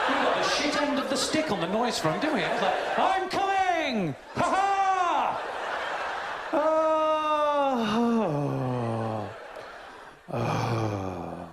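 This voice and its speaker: British male comic, high voice, bouncy delivery, roomy live theatre, loud audience laughter. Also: animated, moderate pace, a crowd in the background, background noise. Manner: cheeky, crude, acts out voices. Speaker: stand-up comedian. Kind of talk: stand-up comedy set. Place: large theatre stage.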